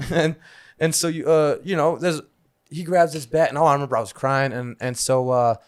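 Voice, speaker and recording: A man's voice: fairly high pitch, fairly even intonation, moderate pace, no room sound, studio quality. A man co-hosting a podcast, telling a rambling, profane story in casual chat. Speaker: podcast co-host.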